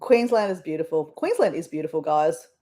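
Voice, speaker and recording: A woman's voice: low voice, very animated, brisk, dark tone. An Australian woman hosting a casual live stream, chatting in a rambling way with her viewers. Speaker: livestream host.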